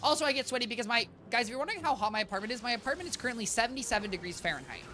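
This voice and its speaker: A woman's voice: on the high side, animated, racing. A young woman streaming a game from her apartment, rambling playfully and talking straight to her chat. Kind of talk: casual gameplay chatter. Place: home apartment.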